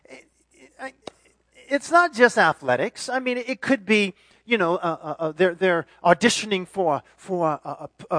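A man in his forties preaching a sermon in an animated, self-deprecating way, full of restarts. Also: very high-pitched, no echo. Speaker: pastor.

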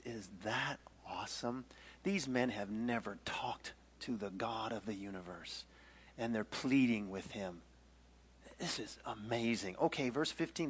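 A man's voice: medium pitch, slightly rough. A man teaching a Bible story in a casual, playful way, acting out scenes and joking along the way. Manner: animated, playful, acts out the story with jokes.

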